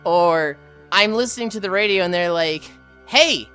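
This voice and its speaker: A woman livestreaming while walking, telling a story casually to chat, animated and swearing freely. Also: lowish voice, normal speed, smooth, faint music behind.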